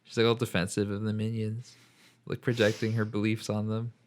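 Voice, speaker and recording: A man's voice: on the low side, monotone, brisk. A young man on a podcast, chatting casually and rambling with lots of fillers. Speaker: podcast co-host. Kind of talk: casual chat.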